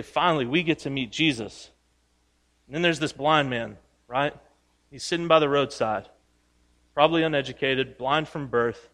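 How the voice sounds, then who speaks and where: A man's voice: mid-range voice, bright, forceful tone. A man preaching a sermon in a conversational way, asking the congregation questions and acting out the voices of the people in the story. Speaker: pastor. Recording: reverberant hall.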